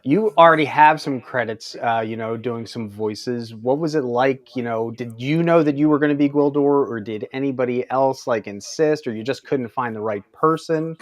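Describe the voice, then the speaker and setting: A man's voice: mid-range voice, normal speed, hardly any pauses. A man hosting a podcast who asks a guest a chatty, playful question in a casual interview. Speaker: podcast host.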